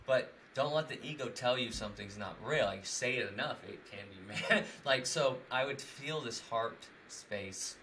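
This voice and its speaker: A man's voice: mid-range voice, moderate pace, hardly any pauses, sharp tone, a little hiss or hum. A young man in casual conversation, rambling with many fillers and frequent laughs. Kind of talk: casual chat.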